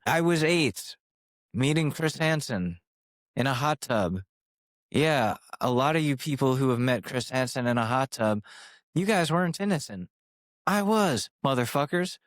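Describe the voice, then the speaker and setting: A man's voice: on the high side, expressive, moderate pace, no room sound. A man in his twenties hosting his own podcast, talking in a sarcastic, rambling and profane way on a studio microphone. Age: 20s. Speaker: podcast host. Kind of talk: casual solo podcast monologue. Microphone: studio microphone with compressor.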